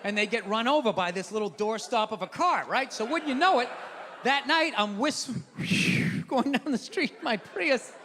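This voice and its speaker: A man's voice: very high-pitched, animated, normal speed, sharp tone. A male stand-up comedian on a stage mic, telling profane, ranting stories in his own routine. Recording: reverberant hall with faint room noise.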